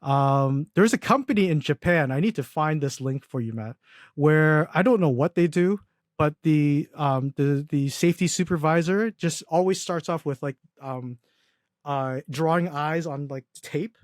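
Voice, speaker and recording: A man's voice: a little high, measured pace, dry recording. A young man chats as a podcast guest, his slightly raised voice tumbling through ums, false starts and self-amused asides. The sound is dry and close, with no room around it. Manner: rambling, many fillers and restarts, laughs at own stories. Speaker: podcast guest, agency founder. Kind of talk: casual interview chat.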